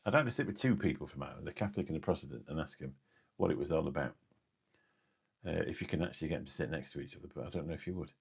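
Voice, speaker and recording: A very low-pitched English man in his fifties with a gravelly edge and a husky, rough tone. He chats on a late-night live stream, wandering from point to point and losing his thread as he answers viewers. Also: rapid-fire. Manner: rambling, forgetful, chatty, answers viewer comments. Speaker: live streamer and taxi driver.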